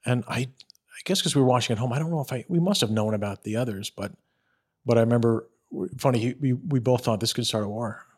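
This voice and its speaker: A man's voice: medium pitch, quick pace, darkish tone, slightly rough. Chatty male podcast guest from New York. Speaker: podcast guest, former police detective. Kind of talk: casual podcast conversation.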